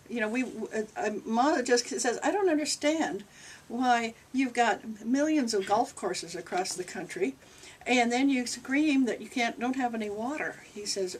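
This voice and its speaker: A woman's voice: a little high, a little slow. Older woman reverend, casual spiritual Q&A, heard from a distance with faint hiss. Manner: rambling, conversational, relays a spirit's answers. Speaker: channeling reverend. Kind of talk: spiritual Q&A talk to a group. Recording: distant mic with faint noise.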